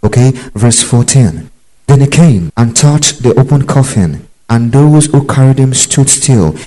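A man's voice: medium pitch, animated, a little slow, warm tone, poor audio. A man preaching a Bible teaching, emphatic and repetitive, checking in with his listeners. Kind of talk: sermon-style Bible teaching.

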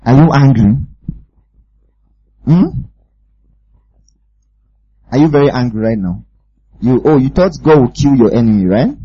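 A man's voice: medium pitch, lively intonation, a little slow, pauses often, husky, highs cut off. A man preaching a sermon with emphasis, often asking his listeners whether they follow.

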